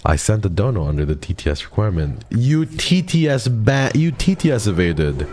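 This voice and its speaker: Chatting playfully with his audience during a horror game live stream, this jumpy, talkative man whispers when scared. He speaks at a moderate pace in a lowish, very animated, slightly mellow voice, with a little hiss or hum on the recording.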